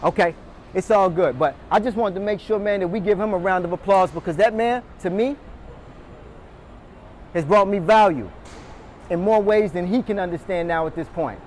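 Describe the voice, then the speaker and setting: A man with a high, bright-sounding voice speaks to a roomful of salespeople as a motivational speaker. He fires questions at the audience and pushes them to answer back. Faint background noise sits under his voice. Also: moderate pace. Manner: energetic, calls on the audience, quizzes the room. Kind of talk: motivational talk to a sales team. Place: meeting room with a live audience.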